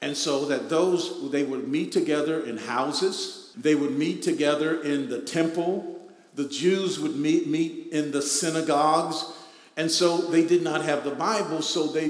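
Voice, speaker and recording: Casting male pastor, somewhat high voice, emphatic repetitive preaching, roomy hall reverb. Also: unhurried. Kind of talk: sermon. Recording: echoey hall with long reverb.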